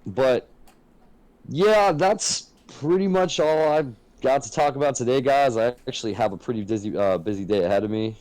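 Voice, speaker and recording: A man's voice: medium pitch, moderate pace, a little mellow, no room sound, poor audio. A man co-hosting a casual podcast, talking frankly and earnestly and swearing freely. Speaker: podcast co-host.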